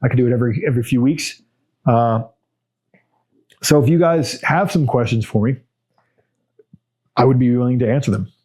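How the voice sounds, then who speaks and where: A middle-aged man hosting a casual solo Q&A podcast, talking in a blunt, unhurried way with many fillers and restarts. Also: mid-range voice, mellow. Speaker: podcast host answering viewer questions.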